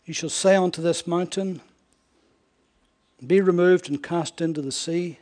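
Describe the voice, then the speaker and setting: Man preaching with dramatic hushed drops. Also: on the high side, normal speed. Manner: dramatic swings from raised emphasis to hushed near-whisper; frequent rhetorical questions to the congregation. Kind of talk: sermon.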